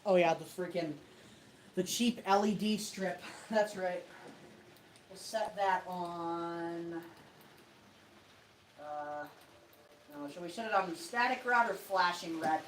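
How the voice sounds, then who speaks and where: A woman's voice: on the low side, slow pace, pauses often, slight background noise, poor audio. Woman, livestream host, casual, self-deprecating, chuckling, indoors at home. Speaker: host of a toy robot fight livestream.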